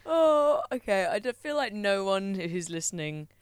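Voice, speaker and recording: A woman's voice: mid-range voice, big pitch swings, unhurried, clean tone, dry recording. A woman hosting a podcast, talking in a loose, teasing way with lots of "like" fillers. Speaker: podcast host. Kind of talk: casual chat.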